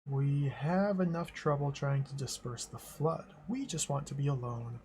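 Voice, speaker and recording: A man's voice: mid-range voice, expressive, unhurried, warm tone, a little hiss or hum, lightly acted. A man reading out the lines of an imperious, cold ice queen in a formal, stately way.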